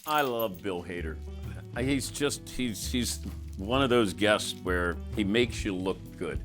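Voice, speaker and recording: A man's voice: fairly low pitch, slow, a bit bright, faint music behind. A man hosting a sports talk show, bantering casually and laughing with guests in the studio.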